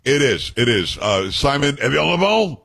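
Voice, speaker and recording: A man hosting a talk radio show from a studio, reading news out loud and giving blunt opinions on it. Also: medium pitch, big pitch swings, normal speed, gravelly, breathy edge. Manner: blunt, reads news aloud and editorializes.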